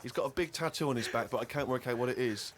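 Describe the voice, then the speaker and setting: A man co-hosting a comedy chat, reading a friend's diary aloud in a dry, deadpan way. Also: mid-range voice, fast. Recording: noisy studio recording.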